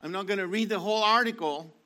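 A man's voice: sits high, fast, bright, forceful tone. A man preaching, reading from an article and repeating key phrases with emphasis, with many restarts. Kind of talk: sermon reading from an online article.

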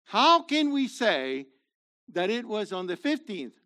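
A man's voice: high voice, sing-song, slow pace, sharp tone. A man leading his congregation in a sermon, asking them questions and building to emphatic, rhetorical peaks. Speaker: messianic congregation leader.

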